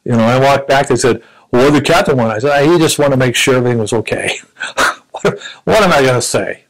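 An older man in his seventies with a gravelly, creaky voice tells stories of his service. He speaks reflectively, often stopping and restarting his sentences. His pitch sits at an ordinary middle height. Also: poor audio. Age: 70s. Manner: reflective, halting storytelling with frequent restarts. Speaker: Vietnam War veteran interviewee. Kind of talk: recounting personal memories.

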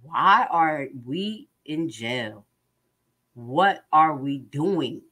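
Animated woman giving commentary. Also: sits low, very slow. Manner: animated, emphatic, with rhetorical questions. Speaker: online commentator. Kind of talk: commentary on court transcripts.

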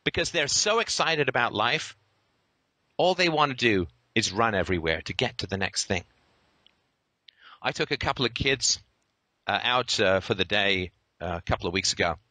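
Podcast host, male, fiery sarcastic monologue, animated delivery and a crisp, bright tone. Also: lowish voice, moderate pace, long pauses, no echo. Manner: sarcastic, profane and theatrical. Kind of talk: impassioned ranting monologue.

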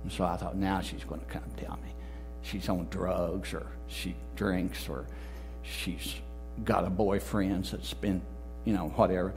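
A man, a pastor, preaching a sermon, telling a story and rising to emphatic, loud peaks. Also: low-pitched, fairly even intonation, unhurried, over music. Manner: storytelling, quoting others in changed voices, rising to emphatic peaks. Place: church sanctuary.

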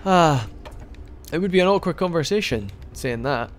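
A man's voice: on the high side, animated, moderate pace, a little hiss or hum. A man giving casual, rambling let's-play commentary as he plays, joking and often restarting his sentences. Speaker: gaming video host.

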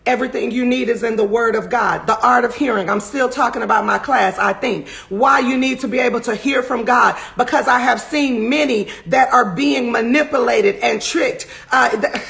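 A woman preacher giving an online sermon, emphatic and repetitive, building to shouted peaks. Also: a little high, moderate pace, gravelly, hardly any pauses.

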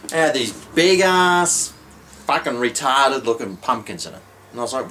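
A man's voice: mid-range voice, animated, moderate pace, fairly bright tone, slight background noise. An Australian man ranting grumpily to camera in a comedic vlog, swearing constantly and sounding exasperated. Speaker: vlogger.

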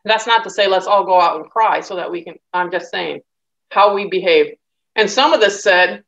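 A woman's voice: on the low side, moderate pace, fairly bright tone, muffled recording. A woman teaching a Bible study lecture in a conversational way, reading scripture and acting out the quoted speakers. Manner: conversational, acts out quoted voices.

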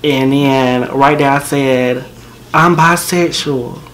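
A man's voice: mid-range voice, steady tone, slow, a bit bright, a little hiss or hum. A man telling a personal story to camera in a casual, slangy, joking way.

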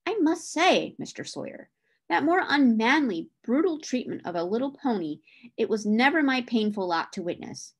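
A woman reading the lines of a stern, principled gentleman who reproves others over the cruel treatment of horses. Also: a little high, very animated, normal speed, husky, heavily acted. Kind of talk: reading a novel aloud.

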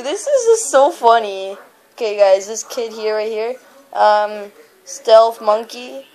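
Giggly high-voiced woman gamer trash-talking. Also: expressive, measured pace. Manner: giggly, teasing, trash-talking other players. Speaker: gamer recording online match. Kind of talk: excited gameplay commentary.

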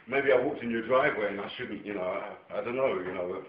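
An English man telling a rambling personal story to camera, heavily profane and excitable, dropping to a mutter one moment and nearly shouting the next. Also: lowish voice, quick pace. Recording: echoey room, dull lo-fi camera sound, faint noise.

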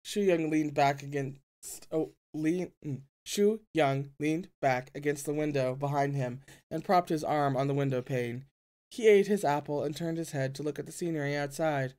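Casual novel reader, mid-pitched, self-correcting, stumbles, chatty asides. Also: moderate pace, darkish tone. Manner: stumbles over words and corrects them, groans at the text. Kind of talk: reading a novel aloud with commentary.

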